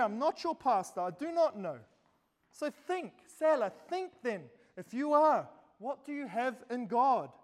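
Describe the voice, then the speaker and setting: A man preaching a sermon, speaking straight to the congregation and posing rhetorical questions. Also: very high-pitched. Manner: addresses listeners directly with rhetorical questions. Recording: long hall reverb.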